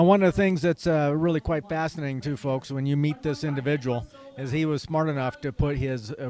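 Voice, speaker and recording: A man's voice: mid-range voice, a little mellow. A man interviewing a guest at an evening gala, chatty and rambling, with folksy asides. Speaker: event interviewer. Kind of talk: casual on-site interview. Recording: busy crowd behind.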